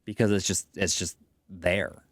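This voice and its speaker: A man's voice: sits low, steady tone, unhurried, no room sound, clean studio sound. A tipsy man co-hosting a podcast, musing in a loose, rambling way during casual chat over what sounds like a video call. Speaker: podcast co-host.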